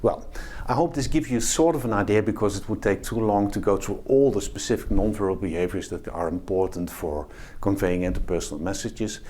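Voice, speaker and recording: A professor with a lowish, warm voice and a breathy edge talks fairly quickly with few pauses. He explains a topic to camera in a video lecture, demonstrating the behaviours he describes as he goes, with the microphone on a camera facing him.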